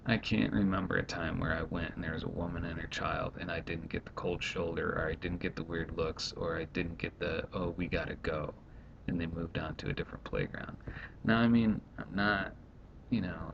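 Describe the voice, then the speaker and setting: Brief: deep gravelly man in his thirties, rambling home-vlog rant, dull lo-fi sound. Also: fairly even intonation, a bit bright. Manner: rambling, exasperated, quickly acts out others. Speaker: stay-at-home dad vlogger. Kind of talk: casual vlog monologue. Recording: dull lo-fi home recording, faint rumble.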